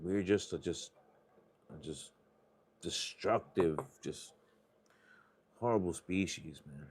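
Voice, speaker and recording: A man's voice: sits low, slow, darkish tone, husky. A man hosting a live stream, chatting casually in a rambling, confessional way and swearing freely. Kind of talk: casual chat while scratching lottery tickets.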